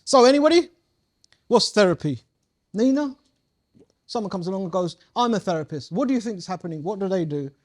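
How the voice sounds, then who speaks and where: A man's voice: sits high, animated, a little fast, long pauses. A man leading a live coaching workshop, playful and slangy, quizzing his audience as he goes. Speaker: community coaching trainer.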